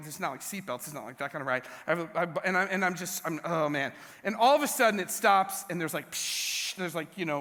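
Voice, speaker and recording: A young adult man preaching in a large church hall, telling a funny story about himself with lots of animation. His voice sits high for a man, with a bright, forceful edge. The long reverb of the hall trails behind every phrase. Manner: animated storytelling, self-mocking humor. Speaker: pastor. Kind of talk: sermon.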